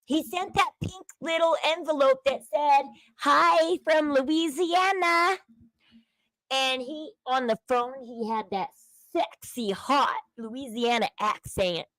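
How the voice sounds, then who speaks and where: A woman's voice: high-pitched, slow, a bit bright, no echo, low-quality recording. A woman hosting a casual livestream, giving opinions and chatting with viewers. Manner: chatty, opinionated, reads chat aloud. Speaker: livestream host. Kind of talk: casual commentary chat.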